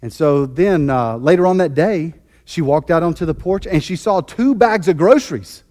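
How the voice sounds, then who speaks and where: A man's voice: on the high side, lively intonation, normal speed, a little mellow. A man preaching a sermon as pastor, fervent and emphatic, often repeating and restarting his phrases.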